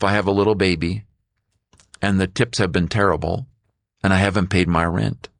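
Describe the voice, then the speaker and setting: A tearful young single mother at the end of her rope, voiced by a man. She speaks low and heavy, pleading. The sound is dry and close. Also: no echo.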